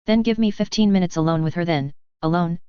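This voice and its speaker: A woman's voice: fairly low pitch, fast talker, clear, resonant tone, no echo, dull audio, lightly acted. A woman voicing a laid-back, sarcastic male shock trooper with a casual, easygoing manner in a story reading.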